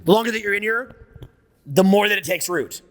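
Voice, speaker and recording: A man's voice: sits high, expressive, a little fast, big-room sound. A man giving a live seminar talk, brash and profane, riffing off the cuff. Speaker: seminar speaker. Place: seminar room with an audience.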